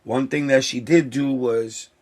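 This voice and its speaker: A man's voice: mid-range voice, steady tone, a little slow, a little mellow. A man, a sneaker vlogger talking to camera in an emotional, heartfelt way that circles back and repeats itself. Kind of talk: casual talk to camera.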